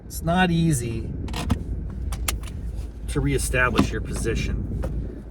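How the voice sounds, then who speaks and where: Brief: weary, self-mocking male vlogger talking outdoors, heavy traffic noise behind him, mid pitch. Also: slow. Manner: rambling, self-mocking, joking. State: tired and sore after class. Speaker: vlog host. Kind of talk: rambling casual monologue.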